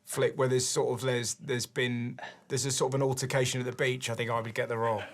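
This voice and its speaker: A man hosting a comedy show, chatting in a casual, animated way and quick to laugh. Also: mid-range voice, heavy background noise. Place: television studio.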